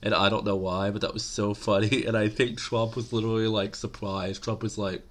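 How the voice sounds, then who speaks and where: A man's voice: on the low side, flat delivery, brisk, fairly bright tone. A man giving casual political commentary to camera, rambling and opinionated with many fillers.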